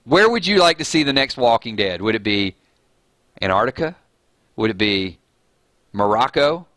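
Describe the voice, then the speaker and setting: A man's voice: medium pitch, sing-song, moderate pace, a bit bright, dry recording. A man with a Southern US accent hosting a casual live chat, reading viewer comments aloud and joking at his own expense. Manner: chatty, reads viewer comments aloud, joking and self-mocking.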